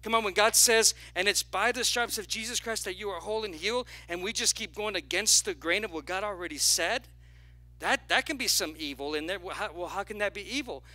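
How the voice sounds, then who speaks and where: A male pastor preaching a sermon, animated and lively, drawing call-and-response from the congregation with playful asides. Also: high-pitched, fairly quick, dry recording. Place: church sanctuary.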